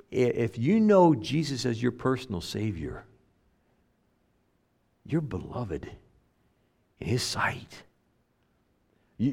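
Male pastor mid-sermon, mid-pitched voice, swings from emphatic to hushed. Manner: preaching with big swings between loud emphasis and soft, low asides.

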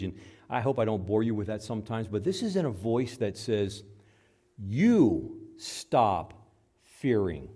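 A middle-aged man preaching a sermon, swinging between loud, high outbursts and low, quiet asides as he acts out dialogue between God and doubters. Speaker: pastor.

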